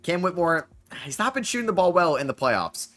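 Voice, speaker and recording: A young man commentating his basketball video game as he plays, excitable and quick to groan and yell at bad plays. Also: high voice, soft background music. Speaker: gaming YouTuber. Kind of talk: game commentary while playing.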